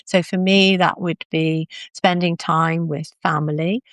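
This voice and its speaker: A woman giving a calm, practical talk on a live video, explaining things step by step. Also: fairly low pitch, unhurried, no echo. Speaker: confidence speaker.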